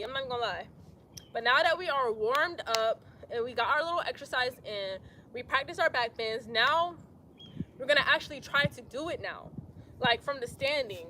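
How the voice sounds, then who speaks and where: A young woman leading a casual yoga class outdoors, chatty and talking herself up out loud as she tries a backbend. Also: sits high, a little hiss or hum. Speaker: yoga instructor.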